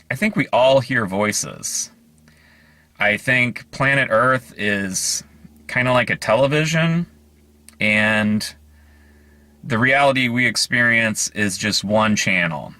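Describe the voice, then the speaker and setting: A man tells stories to camera in a meandering, earnest way, full of hesitant fillers. His voice sits low but sounds bright and forward. The recording is dry and close. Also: no echo. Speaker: vlogger. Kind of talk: casual storytelling to camera.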